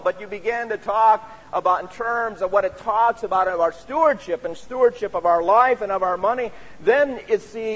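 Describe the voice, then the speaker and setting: A man preaching a sermon as a pastor, speaking earnestly and often adding "you see" as he makes his points. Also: high voice. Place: church sanctuary. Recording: reverberant church sanctuary.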